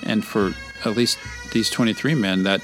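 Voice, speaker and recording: Earnest low-voiced male host. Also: fairly even intonation, over music. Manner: earnest, halting with restarts. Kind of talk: community radio interview.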